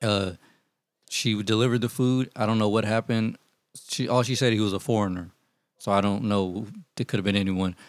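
A man telling profane, animated stories in casual chat with friends, acting out what people said. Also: on the low side, normal speed, no room sound. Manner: profane, animated storytelling, acts out quotes. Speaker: storyteller among friends.

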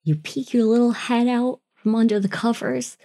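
A woman's voice: on the high side, steady tone, normal speed, mellow. A young adult woman hosting a casual podcast, telling a spooky story in the second person with playful drama and the odd swear. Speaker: podcast host.

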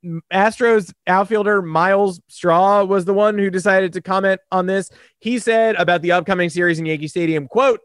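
A man co-hosting a sports podcast, hoarse and animated, talking in a sarcastic, rambling way. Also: high-pitched, normal speed, few pauses, no echo, clean studio sound. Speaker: podcast co-host. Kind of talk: casual sports podcast chat.

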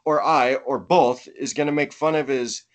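A man's voice: mid-range voice, steady tone, normal speed. A man in casual crude banter with coworkers, swearing and laughing. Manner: swears, laughs, mock-polite impressions.

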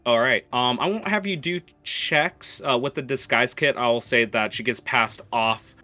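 Bright-voiced man running a tabletop game. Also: mid-range voice, a little slow, soft background music. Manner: hesitant, many fillers, laughs often. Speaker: game master.

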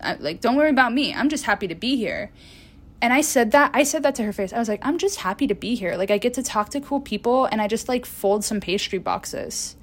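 A woman's voice: on the high side, lively intonation, brisk. A woman in her twenties hosting a podcast, rambling through casual stories with laughs and casual swearing, recorded on a phone. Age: 20s. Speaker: podcast host. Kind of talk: casual solo chat.

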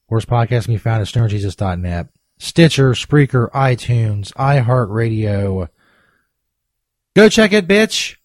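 A man's voice: mid-range voice, darkish tone, no room sound. A man hosting a podcast, rambling and swearing in mock-angry outbursts. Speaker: podcast host. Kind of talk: profane comedic rant.

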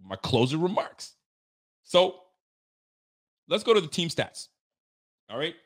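A man's voice: fairly high pitch, slow. Hyped young guy doing a fan stream, swears a lot, voice jumps way up when he gets mad. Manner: animated, swears freely, repeats catchphrases. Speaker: sports fan livestream host. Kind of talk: casual fired-up sports commentary.

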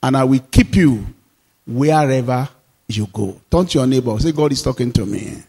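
A man, a pastor, preaching a sermon, repeating phrases and leading the congregation in call-and-response, moving between loud declarations and quiet asides. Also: medium pitch, moderate pace, gravelly, breathy edge, big-room sound.

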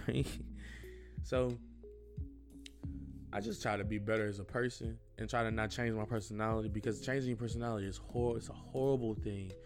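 A man's voice: on the low side, steady tone, moderate pace, pauses often, over music. A young man hosting a solo podcast, talking casually in an earnest, rambling way, full of slang and repeated phrases. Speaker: podcast host.

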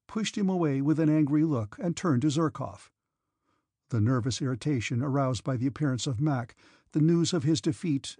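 A man narrating a classic novel as an audiobook in a steady, measured reading. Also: fairly high pitch, breathy edge, dry recording, clean studio sound.

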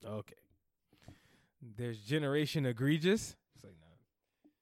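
A man's voice: mid-range voice, measured pace, a little mellow, dry recording, clean studio sound. A man co-hosting a podcast in casual banter, often exasperated, laughing and swearing. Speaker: podcast co-host.

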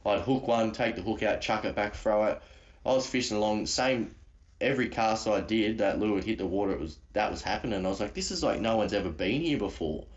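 A man with an Australian accent tells his story casually, full of slang and restarts. His voice sits very low, and the call audio sounds dull and lo-fi. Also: steady tone, brisk. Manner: rambling, slangy, many restarts. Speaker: guest caller.

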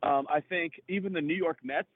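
A man in casual sports chat on a podcast, excitable and profane, rambling with lots of fillers. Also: on the high side, normal speed, husky, no echo. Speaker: podcast co-host. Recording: tinny phone-like line.

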